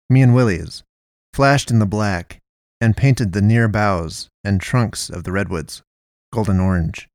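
Male narrator, lowish voice, measured storytelling, dry close mic. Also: dry recording. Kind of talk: audiobook-style story narration.

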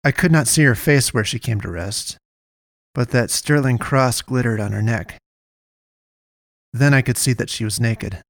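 A man's voice: mid-range voice, measured pace, pauses often, no echo. Man reading a story, dry and close. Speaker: narrator. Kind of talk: first-person story reading.

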